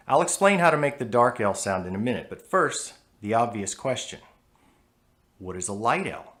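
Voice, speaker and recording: A man's voice: mid-range voice, fairly bright tone. American man teaching pronunciation patiently. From United States. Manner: demonstrates sounds, measured and patient. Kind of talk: explanatory lesson with demonstrations.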